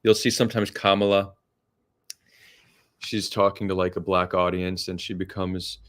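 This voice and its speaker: Man, very low voice, podcast host, casual conversation, thoughtful, restarts a lot. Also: flat delivery, moderate pace, a bit bright. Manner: thoughtful, hesitant, many restarts.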